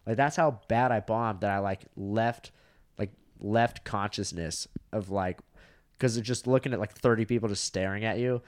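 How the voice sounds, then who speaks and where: A man's voice: fairly low pitch, normal speed. A young man on a podcast telling rambling, profane stories in casual chat, full of fillers. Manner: profane, rambling, lots of 'like'. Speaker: podcast co-host, comedian.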